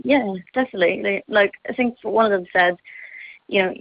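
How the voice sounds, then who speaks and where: A woman's voice: medium pitch, a little fast, a crowd in the background. A teenage girl, a singer being interviewed, chatting in a bubbly way with lots of fillers and giggles. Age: teens. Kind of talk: casual chat. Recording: phone line, dull and dry.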